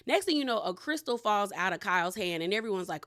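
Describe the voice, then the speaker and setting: A woman's voice: a little high, animated, a little fast, a bit bright. A woman, recapping a reality show in casual, gossipy chat, full of "like" and "girl" asides. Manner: chatty, gossipy, frequent "like" and "girl".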